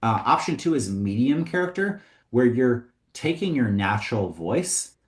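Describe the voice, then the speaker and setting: A man teaching comedy writing in a casual, conversational way, often pausing with "um" and "like". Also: mid-range voice, very animated. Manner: conversational, with frequent ums and likes. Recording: roomy echo.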